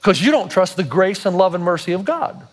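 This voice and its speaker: High-voiced man preaching a sermon. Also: big pitch swings, a little fast. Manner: emphatic, questions the congregation directly. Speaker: pastor.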